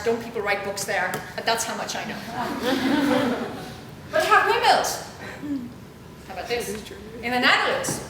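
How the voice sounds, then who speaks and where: A middle-aged woman lectures with lively, self-mocking humor and slips into the voices of the people in her stories. Her voice sits a little high. The recording comes from a very echoey auditorium, with room noise clearly audible underneath. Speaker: university lecturer. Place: university auditorium.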